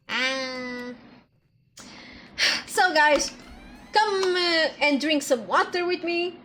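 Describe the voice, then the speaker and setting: High-pitched, slow-talking woman streamer. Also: pushed and bright. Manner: chatty, playful, swears often. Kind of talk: casual game-stream chat. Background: faint background music.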